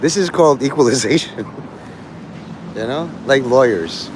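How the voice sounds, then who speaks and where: A man's voice: medium pitch, lively intonation, moderate pace, noisy background. A man rambling through a profane live-stream monologue, jumping from topic to topic. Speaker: livestreamer.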